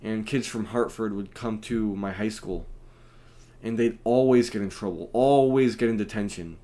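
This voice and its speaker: A young man from the US telling a rambling story at home on a stream, with animated slang. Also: on the low side, normal speed. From United States. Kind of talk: casual storytelling. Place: at home, indoors.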